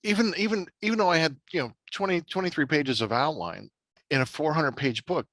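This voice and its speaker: A middle-aged man, a podcast host and writer, talking in a casual, animated way with many restarts and fillers. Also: fairly high pitch, brisk, dry recording. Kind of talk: casual chat.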